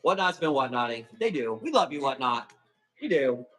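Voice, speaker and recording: A man hosting a live plant auction stream, chatting casually and calling quick countdowns, with a casual swear here and there. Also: medium pitch, sing-song, a bit bright, soft background music, rough recording. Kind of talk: livestream sales chat.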